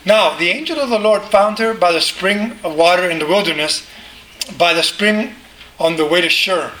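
A man preaching a sermon in a conversational, animated way, often asking the listeners rhetorical questions. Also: sits high, moderate pace, roomy sound, a little hiss or hum, poor audio. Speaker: pastor.

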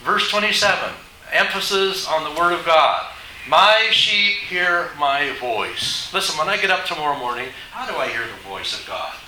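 A man's voice: a little high, big pitch swings, fairly quick, few pauses, recorded from a distance, crowd noise. A man preaching a sermon to his congregation, emphatic and asking them rhetorical questions. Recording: echoey hall.

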